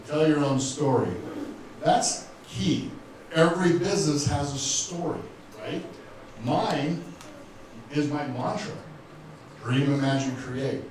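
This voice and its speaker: A man's voice: on the high side, slow, long pauses, darkish tone. A man in his fifties giving an emotional, earnest motivational talk to a live audience, speaking directly to the crowd. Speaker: speaker at a business event. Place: event room with audience. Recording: very echoey room, voice from far off, faint ambience.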